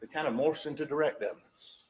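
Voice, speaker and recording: A man's voice: on the high side, quick pace, low-quality recording. A man giving a closing argument as a prosecutor in a courtroom, emphatic and full of rhetorical questions that drive home each point.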